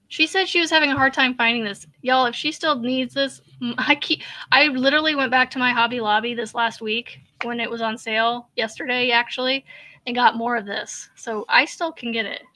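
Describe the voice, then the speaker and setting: A woman's voice: a little high, bright, forceful tone. A woman from Kansas hosting a crochet live stream, chatting casually, laughing often and answering viewer comments as she works. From Kansas, USA. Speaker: crochet channel host.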